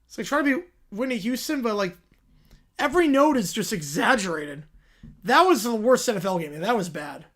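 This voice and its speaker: A man's voice: high voice, animated, a little fast, fairly bright tone. Chatty man hosting a livestream. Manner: chatty, reacting aloud and thanking donors. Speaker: livestream host. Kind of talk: casual livestream reaction commentary.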